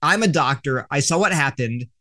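A man's voice: on the high side, lively intonation, moderate pace, bright, forceful tone. A man voicing a commanding woman doctor who gives urgent, clipped orders in a slightly raised voice.

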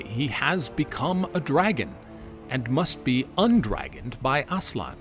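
A man giving a lecture on apologetics who reads story passages aloud in an expressive way. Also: medium pitch. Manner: expressive, lively reading voice. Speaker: Christian apologetics teacher. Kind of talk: lecture with read-aloud quotations.

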